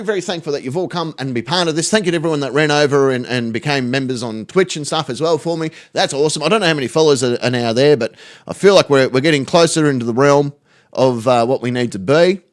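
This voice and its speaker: High, lively stream host. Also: male voice, fast. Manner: sweary, joking storyteller. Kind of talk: casual live stream chat.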